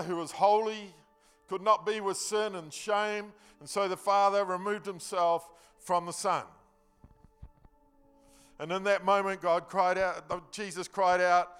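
Male preacher, higher voice, earnest and emphatic, chatty sermon, soft music underneath. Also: clear, resonant tone. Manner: earnest, emphatic, conversational with slang. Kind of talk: sermon storytelling.

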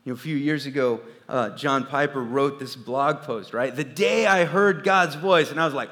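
A man preaching a sermon as pastor, swinging from quiet, low asides to loud, emphatic peaks. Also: normal speed, hardly any pauses. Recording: long reverb of a large hall.

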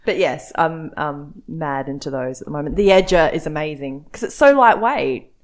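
A woman in a casual chat, teasing her friends and adding quick explanations. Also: low voice.

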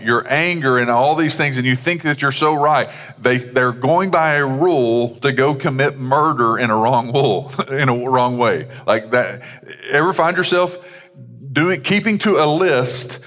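A man's voice: medium pitch, fairly bright tone. A man, a pastor, preaching a sermon in a conversational way with casual asides. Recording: long hall reverb.

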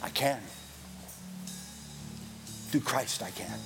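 A male pastor preaching a sermon, repeating phrases and building to loud exhortation. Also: medium pitch, extremely slow. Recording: music playing behind the voice.

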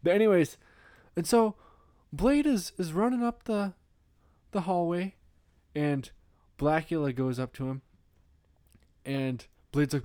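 A man's voice: a little high, measured pace, pauses often, mellow, no room sound. Guy rambling on a podcast, lots of likes and restarts, dry close mic. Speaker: podcast co-host. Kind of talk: casual chat.

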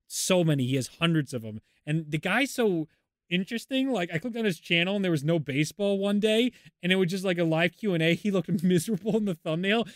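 A man co-hosts a podcast in loose, casual chat, with a fairly high voice. He rambles and laughs often, and the sound is dry and close to the mic. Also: animated, fairly quick, dry recording. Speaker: podcast co-host.

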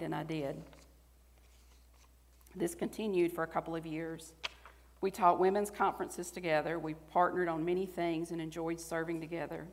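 A woman in her forties with a Southern US accent, giving a sermon that builds to emphatic, rising exhortation. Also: on the low side. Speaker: speaker. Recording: long hall reverb.

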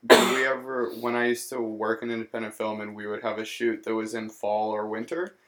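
A man's voice: lowish voice, little pitch movement, brisk, very noisy. A man co-hosting a podcast, chatting casually with dry jokes. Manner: dry, joking. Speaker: podcast co-host. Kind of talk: casual chat.

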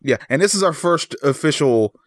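Lively jokey man on a podcast. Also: fairly high pitch, normal speed, dry recording, studio quality. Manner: jokey, teasing asides. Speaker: podcast co-host. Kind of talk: casual podcast banter.

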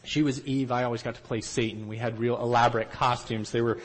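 A man giving a storytelling talk to trainees, animated, and he acts out the quotes himself. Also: medium pitch, fast talker, rough recording. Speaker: missionary trainer.

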